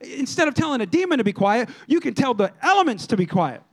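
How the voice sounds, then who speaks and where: A man preaching a sermon as pastor, in a lively, conversational style that acts out quotes from people. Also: very high voice, quick pace.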